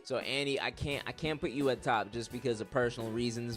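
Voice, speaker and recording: A young man giving casual, joking anime tier-list commentary, animated and laughing often. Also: medium pitch, brisk, hardly any pauses, music in the background.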